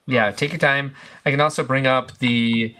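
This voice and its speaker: Bright-sounding guy co-hosting a stream, lots of uhs, easygoing and rambly. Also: medium pitch, fairly even intonation, moderate pace. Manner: rambling, filler-heavy, easygoing. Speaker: stream co-host. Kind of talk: casual live-stream chat.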